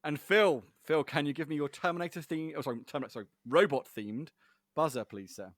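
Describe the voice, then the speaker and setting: A man's voice: fairly high pitch, quick pace, dry recording. A man hosting a casual podcast quiz, chatty and giggly, rambling with fillers. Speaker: podcast host, quizmaster.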